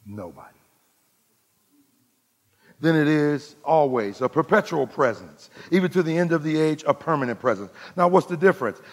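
A man preaching a sermon as pastor, calling out to the congregation and swinging from loud to hushed. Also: fairly high pitch, animated, a little fast, hardly any pauses, long reverb tail.

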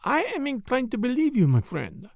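A man's voice: extremely high pitch, huge pitch swings, normal speed, vocal fry, no echo, clean studio sound, voice pushed up, full character voice. A man voicing a shrewd, self-assured middle-aged Belgian detective with a French accent, asking precise, needling questions in an audiobook. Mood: measured. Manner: precise, needling questions with sudden sharp jabs. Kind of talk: audiobook character voice.

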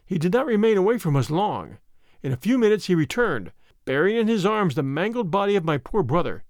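A man narrating a first-person story in a measured, dramatic way. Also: high-pitched, big pitch swings, darkish tone, no echo, studio quality. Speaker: audiobook narrator.

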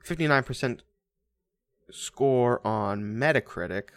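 A man co-hosting a podcast, chatting casually about a movie with quick jokes, asides and frequent laughs. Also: mid-range voice, animated, a bit bright, no echo. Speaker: podcast co-host.

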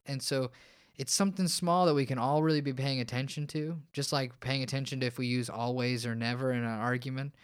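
Smooth-voiced man explaining steadily. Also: medium pitch, steady tone, a little fast, hardly any pauses. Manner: explanatory, storytelling, many restarts. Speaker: counselor guest. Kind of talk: podcast interview.

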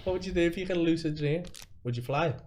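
Fast-talking sweary young man. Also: a little high, darkish tone, a little hiss or hum. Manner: swears a lot, blunt and quick. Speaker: podcast guest, comedian. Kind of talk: casual chat.

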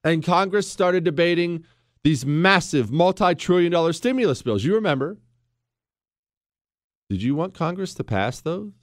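A man delivers a combative commentary monologue, needling the listener with sarcasm. His pitch sits a touch high and leaps around with animated emphasis. The recording is dry and close, with no room sound. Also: normal speed, pauses often, no echo. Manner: mocks others with put-on quoting voices. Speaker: political commentary host. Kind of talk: ranting monologue.

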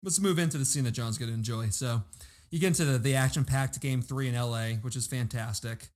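A man's voice: medium pitch, a little fast, a little mellow. A man hosting a podcast, recapping a film in casual chat and moving the talk along. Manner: laughing, steers the talk along. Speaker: podcast host.

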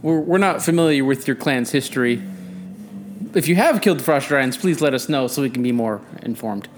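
A man's voice: mid-range voice, moderate pace, a little hiss or hum. A man playing in a tabletop game, speaking in a dry, polite way. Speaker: player. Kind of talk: tabletop role-play.

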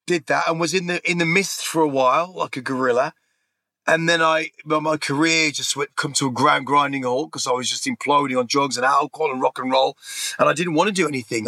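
A man's voice: fairly high pitch, bright, forceful tone, dry recording. A middle-aged man from England telling his life story in a candid, rambling interview, swearing freely and restarting his sentences. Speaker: interview guest.

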